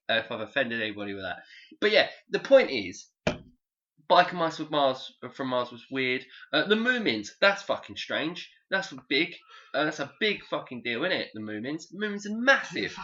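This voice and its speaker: A man's voice: mid-range voice, sing-song, moderate pace, pushed and bright, dull audio. A man hosting a casual podcast chat, rambling, joking and swearing freely. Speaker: podcast host.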